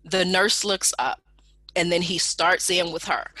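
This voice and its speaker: A woman telling a personal story in a lively storytelling manner, acting out the people in it with raised voices. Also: fairly low pitch, measured pace, no echo. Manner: animated, acts out quoted people in raised voices.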